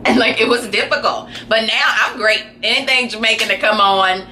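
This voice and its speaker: A woman's voice: a little high, brisk, pushed and bright, a little hiss or hum. A young woman co-hosting a casual chat, chatty and laughing along with her friend. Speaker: podcast co-host.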